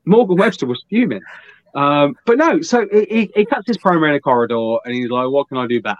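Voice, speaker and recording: A man's voice: fairly high pitch, expressive, fast talker, no room sound. Guy rambling thru a sweary story, dull lo-fi sound, dry. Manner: profane, rambling anecdotes with acted quotes. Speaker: podcast guest. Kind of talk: casual storytelling.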